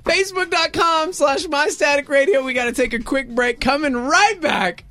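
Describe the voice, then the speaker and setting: A man co-hosting a morning radio show, joking through banter and reading sponsor copy at a quick clip. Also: very high voice, steady tone, sharp tone.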